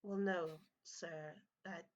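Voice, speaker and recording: A woman's voice: lowish voice, fairly even intonation, lo-fi sound. A woman voicing a formal, courteous cat-person steward at a masked party. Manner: courteous, measured, stiffly formal.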